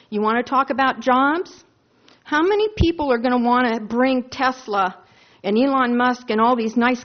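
Emphatic woman in her sixties, lo-fi. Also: a little high. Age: 60s. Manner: earnest, emphatic, rhetorical questions. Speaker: advisory board member at a city meeting. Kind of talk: public comment at a meeting. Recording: dull lo-fi meeting recording.

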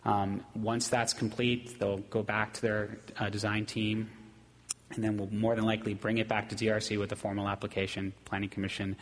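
A man on city staff giving a steady, fairly monotone report at a public meeting, with frequent ums. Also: lowish voice, moderate pace. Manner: steady, self-described monotone, many ums. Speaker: city staff presenting to council. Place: city council chamber. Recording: long hall reverb in council chamber.

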